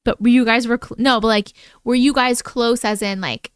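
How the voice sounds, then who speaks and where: Fairly high in pitch with fairly even intonation, her clean voice moves at normal speed in a dry recording. She's a livestream host who chats with viewers and reads their stories aloud, breaking in with startled reactions.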